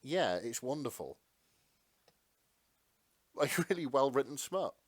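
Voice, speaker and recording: A man co-hosting a podcast, reading passages aloud with feeling and chatting excitedly. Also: mid-range voice, slow, dry recording. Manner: reads dramatically, then chats with excitable laughs. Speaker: podcast co-host. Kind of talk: casual chat and reading aloud.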